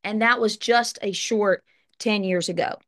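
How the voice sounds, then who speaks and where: Woman, late 30s, sincere motivational storyteller with a chatty, direct delivery and an average-pitched voice. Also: unhurried, fairly bright tone. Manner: earnest storytelling, conversational asides. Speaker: life insurance brokerage partner. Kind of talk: motivational personal talk.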